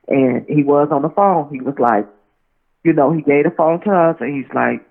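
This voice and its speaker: A woman's voice: very deep voice, a little fast, creaky. A woman guest telling a story over the phone in a rambling way, full of restarts and "you know what I'm saying". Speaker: interview guest. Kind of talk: casual phone interview, storytelling. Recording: tinny phone line.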